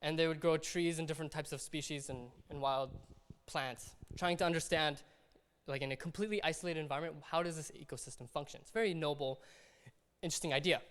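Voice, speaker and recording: With a fairly high, slightly bright, smooth voice, the pastor talks fast through a conversational sermon. He acts out everyday situations as he speaks. The church hall setting gives the audio a long reverb.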